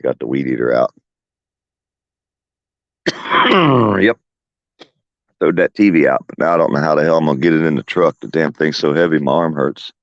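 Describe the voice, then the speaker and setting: This porch vlogger has an extremely low, expressive voice, moving at a moderate pace with long pauses. Outdoors at home, he chats ramblingly to viewers and pets, spinning profane, folksy tales and laughing plenty. The recording is muffled, with no echo.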